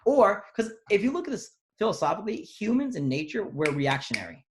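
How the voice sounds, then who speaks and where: A man's voice: high-pitched, big pitch swings, a little fast, background noise. A man co-hosting a podcast, talking casually, rambling and swearing freely. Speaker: podcast co-host. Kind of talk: casual comedic chat.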